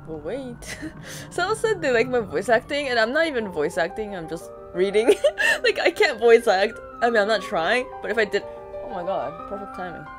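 Woman, reaction host, giggly, jumpy, lively voice, game music behind. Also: medium pitch, normal speed. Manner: excitable, giggly, easily startled. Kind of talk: excitable reaction commentary.

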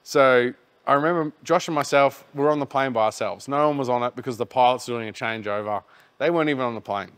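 Aussie bloke rambling thru a story, swears a lot, easygoing. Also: male voice, medium pitch, fast, a bit bright. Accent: Australian. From Australia. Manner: rambling, laid-back, swears freely. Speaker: podcast host. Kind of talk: casual storytelling chat.

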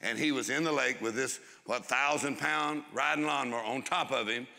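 A man preaching a sermon to a congregation, drawing out key phrases for emphasis and dropping into quick asides. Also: medium pitch, vocal fry, pushed and bright, long reverb tail, a little hiss or hum. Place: church hall before a congregation.

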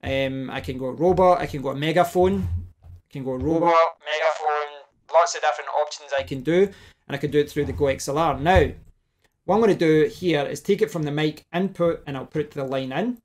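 A man with a fairly high voice walks through a hands-on tech demonstration at his desk. He thinks aloud as he plugs and unplugs cables, often restarting his sentences. The delivery is relaxed and conversational, spoken into a desk microphone. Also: quick pace. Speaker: tech tutorial host. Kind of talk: casual demonstration tutorial. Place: home desk setup. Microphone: desk microphone, switching between mics.

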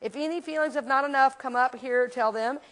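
A woman minister teaching a class in a church, talking casually and telling lively anecdotes with frequent restarts. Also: sits high, brisk. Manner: chatty, animated storyteller with frequent restarts.

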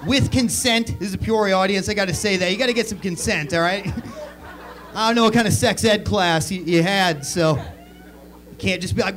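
A man doing crude, animated stand-up comedy on a club stage, acting out bits as he goes. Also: high-pitched, normal speed. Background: audience laughter.

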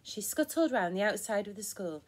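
A woman reading a picture book aloud to children, expressive and inviting them to count along. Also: medium pitch, moderate pace, a little hiss or hum. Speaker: children's storyteller. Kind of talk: children's story time read-aloud.

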